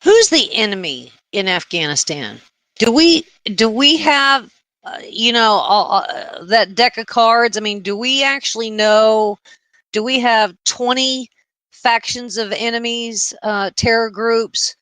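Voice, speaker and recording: Lady radio host, slow and halting, lots of ums, bright voice. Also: a little high, expressive, dry recording. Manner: halting, many fillers while framing questions. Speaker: radio talk show host. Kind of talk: talk radio interview.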